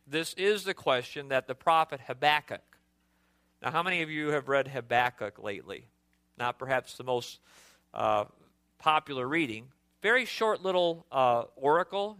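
Bright, emphatic preaching man. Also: smooth, dry recording. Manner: emphatic preaching with sudden pitch jumps and stumbling repeats. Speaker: pastor. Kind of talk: sermon.

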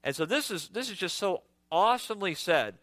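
A man's voice: high-pitched, animated, brisk, pushed and bright, dry recording. A man preaching a sermon in an earnest, emphatic way, repeating words as he builds each point.

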